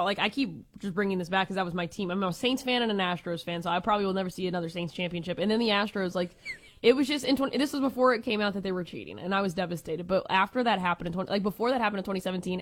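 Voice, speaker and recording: A woman co-hosting a sports talk radio show, telling stories animatedly and laughing often. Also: mid-range voice. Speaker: radio co-host. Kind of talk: casual sports radio chat.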